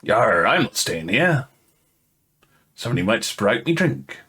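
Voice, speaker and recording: A man voicing a gruff adventurer who talks like a pirate, drawling yar and laddie. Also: mid-range voice, big pitch swings, measured pace, sharp tone, heavily acted. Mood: wary.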